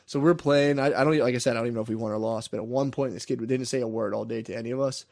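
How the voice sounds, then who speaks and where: A man's voice: mid-range voice, steady tone, rapid-fire, gravelly, darkish tone. A young man co-hosting a podcast, telling rambling, profane stories in casual chat and laughing often. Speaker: podcast co-host.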